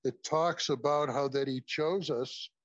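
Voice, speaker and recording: A man's voice: fairly high pitch, measured pace, dry recording. A man preaching in a conversational way to a class, often addressing them as folks. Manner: conversational, repeatedly says "folks". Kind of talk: sermon. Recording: muffled, lo-fi recording.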